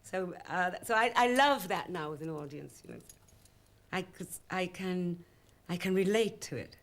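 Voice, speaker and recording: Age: adult. Sex: woman. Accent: Welsh. Pitch: a little low. Style: animated interview storytelling, full of "you know". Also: moderate pace, slight background noise. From Wales. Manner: animated, acts out remembered dialogue, many "you know"s. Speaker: singer interviewed about her career.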